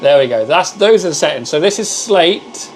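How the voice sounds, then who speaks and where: Brief: male live-stream host, relaxed chatty delivery, friendly greetings to viewers, clear background machine noise. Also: a little high, moderate pace, low-quality recording. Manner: chatty, greets viewers and calls them mate. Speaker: livestream host. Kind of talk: casual live-stream chat. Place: home workshop with laser machines.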